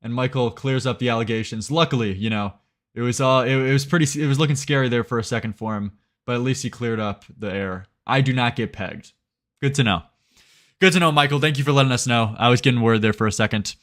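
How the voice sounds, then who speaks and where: A man's voice: mid-range voice, quick pace, fairly bright tone. A young man giving mocking commentary as a streamer, sarcastic and rambling, often laughing.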